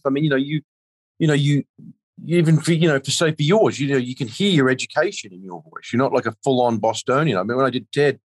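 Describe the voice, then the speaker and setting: A man's voice: medium pitch, no room sound. A man being interviewed as an actor, rambling in casual chat with many restarts and filler phrases. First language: not a native of the country he is speaking about.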